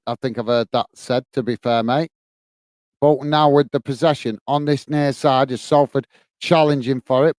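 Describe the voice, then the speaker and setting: Smooth-voiced Northern Irish man calling football. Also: medium pitch, a little mellow, dry recording. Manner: friendly and chatty, often says "mate" while reading viewer comments. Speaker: host of a football watch-along stream. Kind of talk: live play-by-play commentary with chat.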